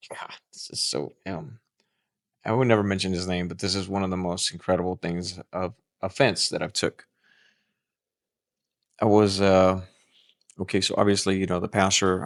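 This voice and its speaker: Deep-voiced man telling a story. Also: a little fast, dry recording, clean studio sound. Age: middle-aged. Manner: animated storyteller with frequent restarts. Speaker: pastor, podcast guest. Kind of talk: storytelling in a podcast conversation.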